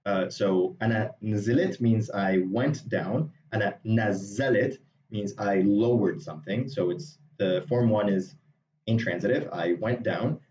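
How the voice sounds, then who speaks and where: A man's voice: fairly low pitch, moderate pace, darkish tone, distant mic, a little hiss or hum. A man teaching a language lesson, reading short lines aloud and explaining them in English with frequent fillers. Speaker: Arabic teacher. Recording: echoey, dull, from off-mic.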